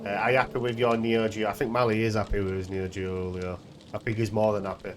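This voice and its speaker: A man's voice: on the low side, little pitch movement, fast talker, slight background noise. A young Yorkshire man chatting casually with a friend on a live game stream, easygoing and calling people mate. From England. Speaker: streamer host.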